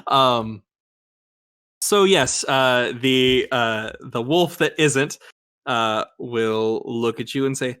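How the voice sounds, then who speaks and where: A man narrating as game master of a tabletop game, often laughing at himself and filling pauses with ums. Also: medium pitch, a bit bright, smooth. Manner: laughs often, self-deprecating, many fillers.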